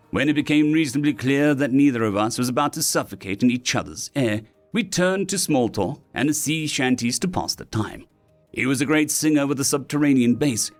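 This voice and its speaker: A man reading sci-fi short stories aloud as scripted narration. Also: medium pitch.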